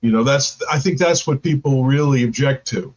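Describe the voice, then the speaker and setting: A man's voice: mid-range voice, moderate pace, a little mellow. Hesitant man on dull, lo-fi audio. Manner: hesitant, many ums and uhs. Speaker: guest. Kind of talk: casual discussion.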